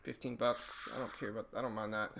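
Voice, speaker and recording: A man hosting a live day-trading stream, thinking aloud in a relaxed, halting way, his voice a bit hoarse. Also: on the low side, slight background noise. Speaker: stream host, day trader.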